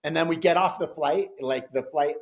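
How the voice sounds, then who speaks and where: A middle-aged man telling a story in a casual, animated way, swearing and acting out the quotes loudly. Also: on the high side, moderate pace. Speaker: podcast guest, gym founder.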